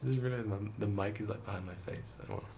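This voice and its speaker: Young male vlogger, quiet and tired, deep gravelly delivery. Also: racing, a little hiss or hum. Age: young adult. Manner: hushed, quiet, rambling talk. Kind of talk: casual storytelling vlog. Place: room indoors at night.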